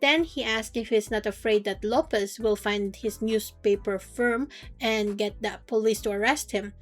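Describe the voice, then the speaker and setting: A woman's voice: medium pitch, normal speed, soft background music. A woman casually recapping a novel's chapters in a playful, slangy, joking way. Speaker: book recap youtuber. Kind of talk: casual chatty story recap.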